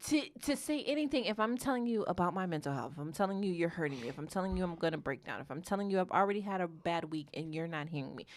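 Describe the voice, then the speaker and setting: A woman's voice: fairly low pitch, expressive, fast talker, few pauses, dry recording. A woman co-hosting a casual podcast chat, teasing and earnest as she tells stories and makes her point. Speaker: podcast co-host.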